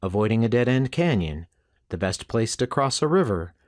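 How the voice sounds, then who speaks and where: A man reading a western novel aloud as an audiobook narrator, in a steady, unhurried storytelling manner. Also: lowish voice, no echo, clean studio sound.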